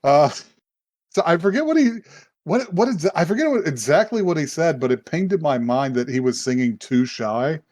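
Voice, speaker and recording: A man's voice: a little high, lively intonation, normal speed, darkish tone. A man hosting a podcast, casually recapping an anime in a rambling way, swearing and acting out the characters' lines. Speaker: podcast host.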